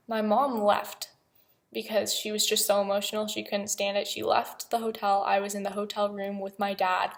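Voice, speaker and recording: Young woman, confessional vlog, halting delivery, flat intonation, mid-range pitch. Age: young adult. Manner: halting, hesitant, many pauses and fillers. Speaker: vlogger.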